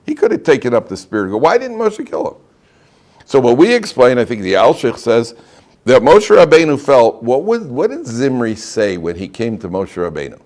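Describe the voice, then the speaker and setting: A rabbi teaching an informal Torah class to students in a classroom, animated and joking, often putting questions to his listeners. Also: medium pitch, fairly quick.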